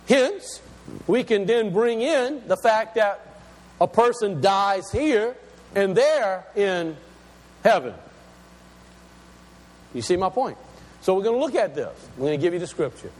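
A man preaching a sermon, slowing down to stress key words and asking his listeners questions. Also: high-pitched, big-room sound.

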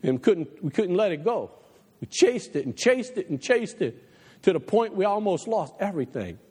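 A man preaching a passionate sermon to his church, dropping low and quiet for the advice he quotes, then climbing again. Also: sing-song, moderate pace, husky, in a large hall. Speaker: pastor. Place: church sanctuary.

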